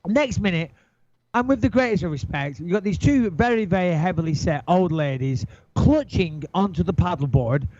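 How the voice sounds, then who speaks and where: Middle-aged man, high voice, swearing storyteller, dull dry recording. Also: moderate pace, no echo. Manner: swearing, lively, acts out his own panic. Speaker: guest storyteller. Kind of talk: animated anecdote, casual chat.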